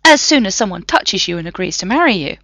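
A woman voicing a flustered, fussy male professor who talks breathlessly in a high, fluttering voice. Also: sing-song, fast, fairly bright tone, no room sound.

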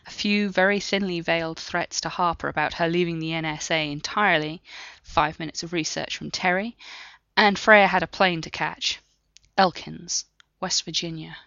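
A woman narrating a story in a steady, measured reading. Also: lowish voice, gravelly, no room sound, dull audio. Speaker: audiobook narrator. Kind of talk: scripted narration.

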